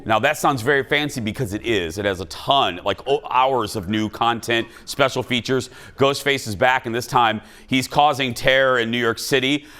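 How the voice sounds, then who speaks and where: A man's voice: mid-range voice, moderate pace, few pauses. A man hosting a talk show, telling jokey stories to a studio audience. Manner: animated, jokey storytelling.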